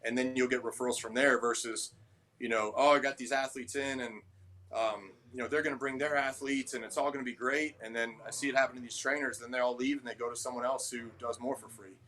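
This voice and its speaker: A man who owns a gym talks in a casual interview. His voice sits at a middle pitch, and his manner is blunt and a little abrasive as he acts out people's lines in stories. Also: steady tone, fast, a bit bright, slight background noise. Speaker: gym owner and trainer.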